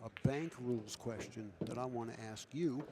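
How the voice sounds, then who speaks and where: A man commentating a pool match in a relaxed, chatty way, asking his co-commentator questions and often restarting his sentences. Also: mid-range voice, moderate pace, noisy background.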